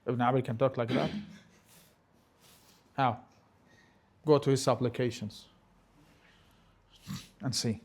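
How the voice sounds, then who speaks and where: A man giving a religious lecture, talking emphatically and sometimes rising to forceful scolding, with Arabic phrases mixed in. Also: mid-range voice, fairly even intonation, slow, pauses often, slightly rough. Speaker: religious teacher.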